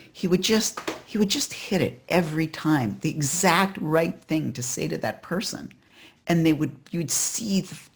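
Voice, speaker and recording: A storyteller leads an online Shabbat service through a home computer mic. The telling is animated and conversational, with scenes acted out along the way. The voice carries a gravelly, husky texture. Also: medium pitch. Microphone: home computer mic on a video call.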